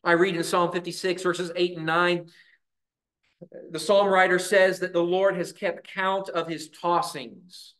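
Earnest church preacher guy, a bit high-pitched, slow dramatic pauses. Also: level tone, fairly bright tone. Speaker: pastor. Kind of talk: sermon.

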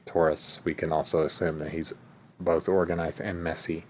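A man with a very deep voice chats on a casual podcast. He jokes in a dry, self-mocking way. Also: little pitch movement, moderate pace, pushed and bright, slight background noise. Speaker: podcast co-host.

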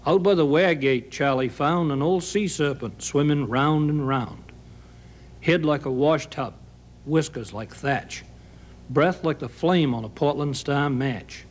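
A man's voice: on the high side, unhurried. A man from Maine with a Maine accent, reciting a humorous story poem in a dry, folksy way.

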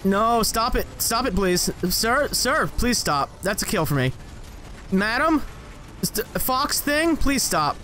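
Unhurried and rambling, this young man hosts a gaming channel, poking fun at himself and letting out high-pitched excited yelps mid-play. A little hiss or hum sits under the recording.

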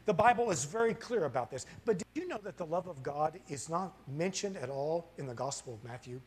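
This sermon comes from a middle-aged pastor whose fairly high voice moves with lively intonation and a slightly fast pace, with slight background noise. Speaking in a church sanctuary, he poses rhetorical questions to the congregation and climbs toward impassioned, fired-up peaks.

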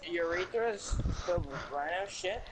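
A man's voice: sits high, moderate pace, poor audio. A man in casual game party chat, making dry, crude jokes. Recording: loud crowd noise behind.

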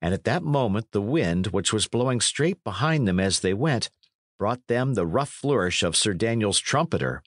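A man narrating an audiobook of a classic novel in a measured, expressive storytelling manner. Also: fairly low pitch, no room sound, studio quality. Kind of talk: scripted narration.

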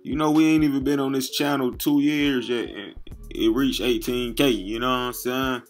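A man's voice: mid-range voice, fairly even intonation, moderate pace, soft background music. A man hosting a casual commentary vlog, talking loosely in street slang and reading captions aloud to his viewers. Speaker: YouTube commentary host.

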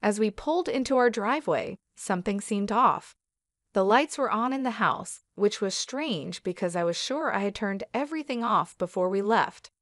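A woman narrating a dramatic first-person story in an even, measured way. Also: medium pitch, no room sound, clean studio sound.

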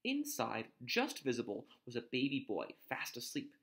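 A man narrating a storybook aloud in an expressive, animated way. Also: medium pitch, moderate pace. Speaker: reader.

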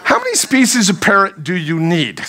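A man giving a humorous youth sermon to a live audience, playful and animated as he jokes with the crowd. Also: high-pitched, fairly quick. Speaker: youth speaker.

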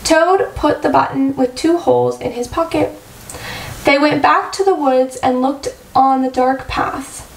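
Slow, high-voiced teacher reading a picture book. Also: female voice. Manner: slow, clear storytelling for children. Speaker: first grade teacher. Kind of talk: picture-book read-aloud. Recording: echoey room, far-off mic.

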